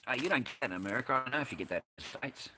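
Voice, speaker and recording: An Australian man talks loosely to viewers on a livestream, swearing freely and drifting from one thought to the next. His voice is bright and forceful, pitched in an ordinary male middle range. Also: lively intonation, racing, slight background noise. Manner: blunt, rambling, swears freely; reads and answers live chat. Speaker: livestream host. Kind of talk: casual livestream chat.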